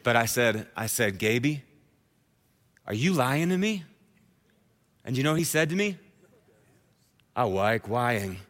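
A man in his thirties preaching a sermon to a live congregation, telling a personal story in a conversational, animated way. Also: mid-range voice, moderate pace, long pauses. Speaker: pastor. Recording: hall reverb.

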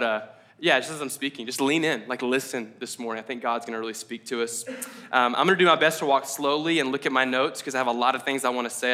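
A man preaching a conversational sermon at a church service, casual and animated, with many likes and ums. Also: mid-range voice. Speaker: pastor.

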